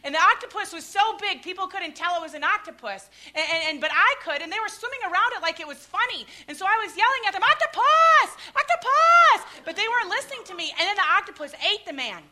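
A middle-aged woman preaching a sermon, telling personal stories in an animated way, with sudden shouts and hushed asides. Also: extremely high pitch, fast talker, hardly any pauses, very noisy.

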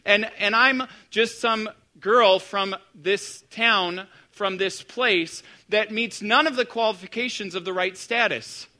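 Anxious young village girl thinking aloud, fretful questions, pitched up a bit, bright tone , put on by a preacher. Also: takes it slowly, few pauses, exaggerated voice.

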